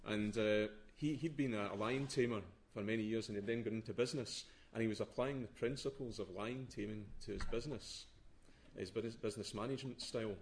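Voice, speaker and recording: A man's voice: on the low side, brisk, slight background noise. A man explaining the story behind a poem, talking casually with lots of hesitations and restarts. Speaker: poetry blogger. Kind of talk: casual talk before a reading.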